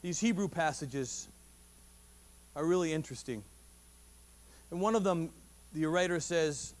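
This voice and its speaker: Pastor guy giving a sunday sermon, pretty high voice, chatty and animated, restarts a lot, ramps up when he makes a point. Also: unhurried, long pauses. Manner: animated and conversational, with frequent restarts and rising emphasis. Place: church service.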